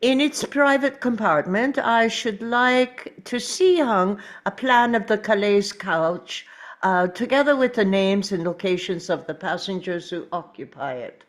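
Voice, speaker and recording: A woman reading the part of a fastidious, courteous middle-aged male detective at a table read, speaking in a measured, precise way. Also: medium pitch, natural voice.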